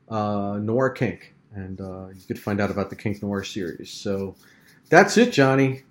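A man's voice: lowish voice, a little slow. A man co-hosting a podcast in casual chat, effusive and jokey. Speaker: podcast co-host.

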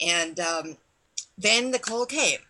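Bright-voiced actress telling her story. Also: mid-range voice, slow pace, slight background noise. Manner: lively storytelling with frequent fillers. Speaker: actress and guest. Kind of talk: interview storytelling.

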